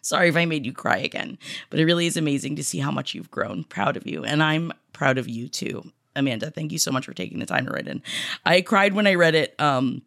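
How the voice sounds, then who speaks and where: A woman hosting a podcast, reading listener shout-outs in a gushing, emotional way, teary and laughing. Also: sits low, expressive, brisk, gravelly. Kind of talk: casual podcast chat.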